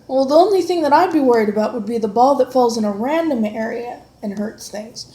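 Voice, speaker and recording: A woman's voice: fairly high pitch, animated, brisk. Encouraging mother in an echoey room. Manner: encouraging, motherly, gently coaxing. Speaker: mother homeschooling her son. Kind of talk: casual family chat. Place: home, at the breakfast table. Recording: echoey room with faint background noise.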